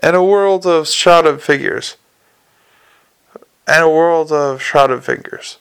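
Gravelly male audiobook narrator. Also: a little high, slow pace, a bit bright. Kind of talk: scripted narration.

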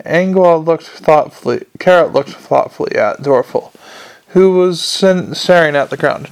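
A man narrating a novel aloud in a steady reading voice, with small slips and restarts. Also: on the high side, moderate pace, clear, resonant tone. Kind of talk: amateur audiobook reading.

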